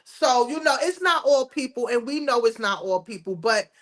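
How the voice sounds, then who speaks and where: A woman co-hosting a casual talk show, animated and gushing, peppering her speech with "you know". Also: a little high, moderate pace. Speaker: co-host. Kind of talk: casual chat.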